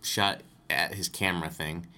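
Low-pitched and steady, this man speaks a little slowly with a sharp tone. He co-hosts a podcast, chatting casually about a film, rambling, correcting himself along the way, and laughing easily.

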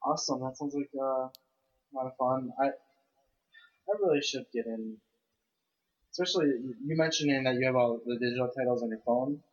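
A man's voice: mid-range voice, normal speed, pauses often. A man hosting a casual podcast chat, speaking hesitantly with frequent restarts. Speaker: podcast host. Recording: lo-fi home mic.

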